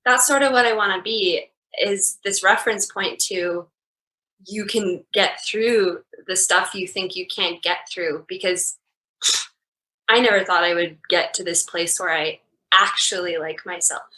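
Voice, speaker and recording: Bright-voiced woman speaking frankly. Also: on the low side, unhurried, rough recording. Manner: frank, laughs easily, hesitant with fillers. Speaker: guest. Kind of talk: candid personal conversation.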